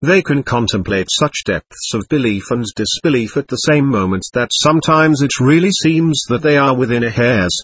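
A man reading the part of a suave, mocking male devil who talks like a worldly gentleman, with an ironic, chatty manner. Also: mid-range voice, normal speed, hardly any pauses, slightly rough, dry recording. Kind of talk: audiobook character reading.

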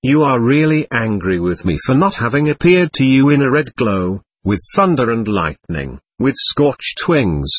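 Suave devil gentleman, ironic, worldly, husky tone, lively pitch, read by a man. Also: measured pace, hardly any pauses, dry recording. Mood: mocking. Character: suave, mocking male devil, a gentleman visitor. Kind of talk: audiobook character reading.

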